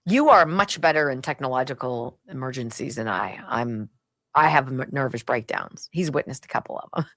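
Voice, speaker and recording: A woman's voice: extremely low pitch, normal speed, a bit bright, no echo. A middle-aged woman hosting a radio talk show, opinionated and sarcastic, laughing often.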